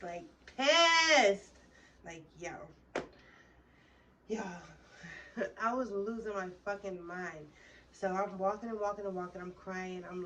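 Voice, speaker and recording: A young woman vlogger tells a heated, rambling, profane story in a casual way. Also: mid-range voice. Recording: distant mic with faint background noise.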